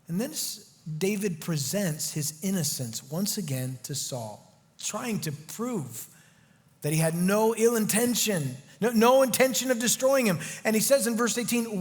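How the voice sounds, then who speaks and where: A man preaches verse by verse from a church sanctuary, his voice pitched high for a man. He talks with animated, urgent emphasis. A long reverb from the hall trails each phrase. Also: normal speed. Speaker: pastor. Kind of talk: expository sermon.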